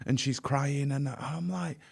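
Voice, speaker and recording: A man's voice: mid-range voice, fairly even intonation, vocal fry, breathy edge. A middle-aged man, a podcast guest, telling his own story candidly with frequent restarts. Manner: frank, halting with restarts, vivid first-person telling. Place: podcast interview.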